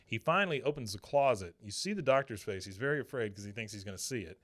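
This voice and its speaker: A man's voice: on the low side, expressive, a bit bright. Man casually recapping a cartoon episode. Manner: acts out characters' lines in quick impressions. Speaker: podcast host.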